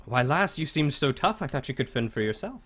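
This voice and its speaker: A man's voice: medium pitch, sing-song, a little fast, a bit bright, pitched above the performer's own voice. A man playing a gallant, teasing adventurer. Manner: playful, calls her lass. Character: cocky flirtatious male adventurer, teasing and gallant.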